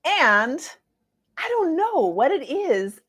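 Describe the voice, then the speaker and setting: A woman's voice: high voice, slow. Chatty, playful woman in her forties. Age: 40s. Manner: lively, chatty, playful asides. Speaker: astrologer. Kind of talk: casual astrology talk to viewers.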